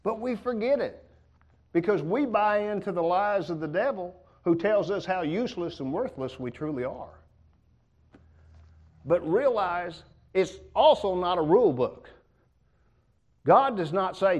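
A man's voice: sits high, animated, measured pace, darkish tone. A man preaching a sermon in a church, folksy and joking in a conversational way.

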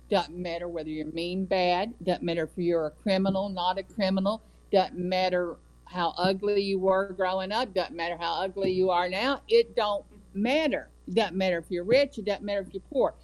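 A woman giving an earnest devotional talk on scripture, with measured delivery and emphatic repetition. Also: fairly low pitch, fairly even intonation, darkish tone, low-quality recording. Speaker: Bible study speaker. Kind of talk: devotional teaching.

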